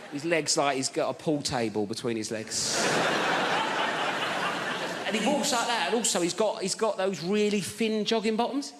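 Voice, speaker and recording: A man telling a stand-up story, animated and exasperated. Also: high voice, moderate pace, very noisy. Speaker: stand-up comedian. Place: large theatre stage. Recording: live theatre with hall reverb.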